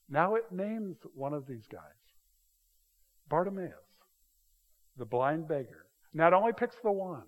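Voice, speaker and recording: A male pastor preaching a sermon, talking casually and telling stories with quick acted-out voices. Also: on the high side. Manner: conversational, animated storytelling with quick acted-out voices. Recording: dull sound with long hall reverb.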